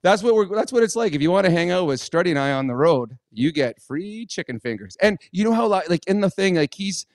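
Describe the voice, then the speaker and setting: A middle-aged man co-hosting a podcast, telling a story in a lively, animated way and loudly acting out the people he quotes. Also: sits high, a little fast, few pauses, dry recording, studio quality. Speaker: podcast co-host, former hockey player. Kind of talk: casual storytelling chat.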